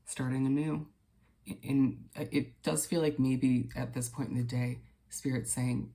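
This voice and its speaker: A man giving a casual daily tarot reading to viewers, gentle and reassuring, unhurried and dotted with fillers. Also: mid-range voice, steady tone, gravelly. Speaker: tarot reader.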